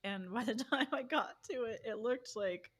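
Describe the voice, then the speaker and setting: A woman's voice: a little high, normal speed, fairly bright tone. A woman co-hosting a book podcast, chatting casually and laughing often at her own jokes. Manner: giggly, self-deprecating. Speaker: podcast co-host. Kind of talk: casual chat.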